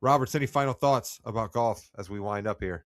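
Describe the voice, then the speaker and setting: A man's voice: lowish voice, a little fast, no echo, studio quality. A man hosting a sports podcast in casual chat, upbeat and rambling at times. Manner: upbeat, loses his train of thought. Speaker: podcast host.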